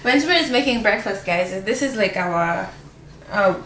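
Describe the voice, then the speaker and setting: A woman's voice: mid-range voice, animated, moderate pace, fairly bright tone, slight background noise. A pregnant woman chatting on her home vlog, tired and earnest, rambling through her thoughts. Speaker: vlogger sharing her pregnancy journey. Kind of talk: casual vlog chat. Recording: roomy echo, a bit off-mic.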